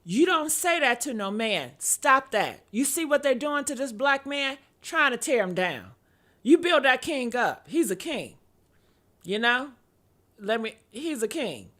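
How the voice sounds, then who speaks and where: A woman's voice: high-pitched, sing-song, measured pace, fairly bright tone. A woman vlogger reading out viewer comments in mock outrage, sarcastic, laughing often and repeating short exclamations.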